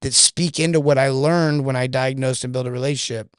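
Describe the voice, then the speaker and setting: A man's voice: medium pitch, steady tone, fairly quick, clean tone, no echo, clean studio sound. A man from California, a sales coach who is a guest on a podcast, chatting casually and telling stories in which he acts out both sides of conversations.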